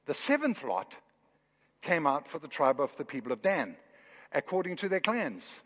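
A man preaching a sermon in a church, with animated, building emphasis. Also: fairly high pitch, moderate pace, in a large hall. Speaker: pastor. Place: church hall.

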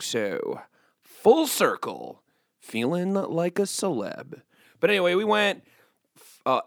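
A man's voice: medium pitch, a bit bright, no room sound, studio quality. Rambling hungover man hosting a podcast. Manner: rambling, self-mocking, hungover banter. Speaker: podcast host. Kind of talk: casual comedic podcast chat.

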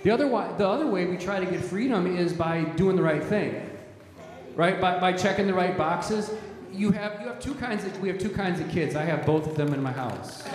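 A man's voice: high voice, animated, moderate pace. A man preaching a sermon as pastor, emphatic and repetitive, often restarting his words. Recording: echoey hall, strong reverb.

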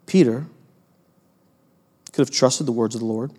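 A man preaching a sermon as pastor, animated, acting out quoted voices and putting questions to the congregation. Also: mid-range voice, unhurried, slightly rough. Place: church hall with long reverb. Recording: long hall reverb.

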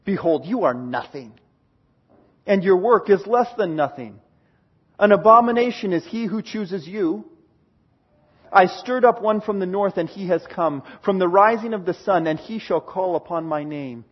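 Husky-voiced male preacher, dramatic sermon. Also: animated, moderate pace, dull audio. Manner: reads scripture aloud with dramatic swings from booming to hushed.

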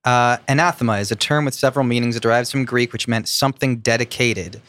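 A man who talks fast as a co-host on a casual podcast. He jokes, swears and fires off questions at the others. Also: mid-range voice, fairly even intonation, a bit bright. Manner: quick, joking, swearing.

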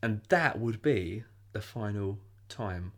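A man's voice: lowish voice, expressive, takes it slowly. A man, a podcast guest, reminiscing in hesitant casual chat. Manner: hesitant, reminiscing, laughs easily.

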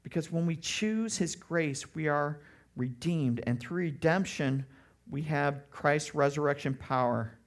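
A middle-aged man preaching a sermon as pastor, animated and lively, often breaking into loud mocking voices. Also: fairly high pitch.

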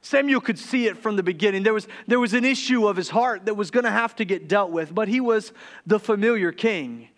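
A man in his thirties preaching a sermon, telling funny, confessional stories that turn quiet and tender. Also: high voice, a little fast. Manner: humorous, confessional storytelling that turns quiet and tender. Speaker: pastor.

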